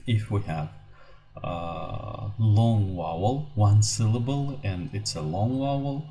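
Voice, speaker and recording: A man teaching a language lesson, explaining rules in a slow, halting way with many fillers. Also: fairly low pitch, dark tone.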